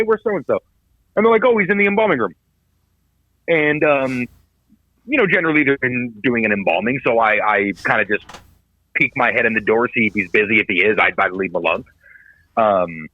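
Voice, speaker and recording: A man's voice: medium pitch, no echo. A man in his thirties, a podcast co-host telling a story in casual chat, swearing often and acting out what others said. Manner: animated storyteller, swears a lot, acts out quoted voices. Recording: dull lo-fi podcast audio, dry.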